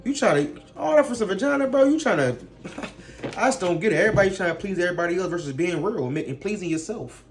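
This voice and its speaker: A man's voice: high-pitched, lively intonation, fast, soft background music. Blunt, profane man ranting. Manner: blunt, profane street talk; ranting, rhetorical questions. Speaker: vlogger. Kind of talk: casual rant to camera.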